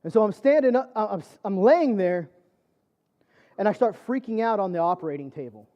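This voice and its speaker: A man's voice: high-pitched, animated, moderate pace, highs cut off. A man preaching a personal testimony sermon, telling his story conversationally with lots of fillers. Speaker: church speaker.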